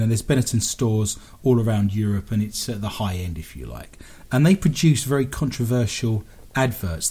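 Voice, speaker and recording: A man's voice: lowish voice, a little mellow, husky. A man hosting a podcast quiz, talking casually and rambling with restarts. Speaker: quiz show host.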